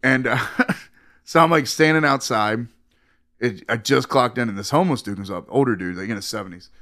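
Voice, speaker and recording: A young man with a bright, forceful voice tells stories as a guest on a casual podcast. He swears freely and laughs often as he acts out the people in his tales. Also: mid-range voice, brisk. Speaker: podcast guest, comedian and bar doorman. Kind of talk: casual storytelling chat.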